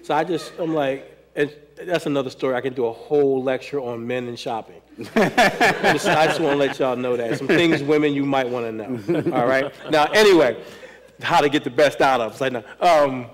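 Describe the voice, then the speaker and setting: Animated American man telling stories. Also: medium pitch, normal speed, a crowd in the background. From United States. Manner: animated storytelling, laughs often, acts out quotes. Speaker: hip hop choreographer. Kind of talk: conversational panel talk.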